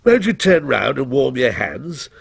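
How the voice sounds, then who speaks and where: A man's voice: medium pitch, big pitch swings, measured pace, creaky, slightly rough, no room sound, clean studio sound, full character voice. A man voicing an uneasy, plain-spoken male night watchman with hesitant, offhand replies.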